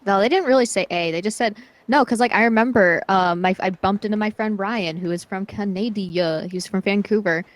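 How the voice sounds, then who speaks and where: A young woman from the United States joins a casual game stream. She speaks at a middling pitch, teases playfully, and delivers her jokes deadpan. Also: fairly quick, hardly any pauses, dry recording, low-quality recording. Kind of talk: casual chat.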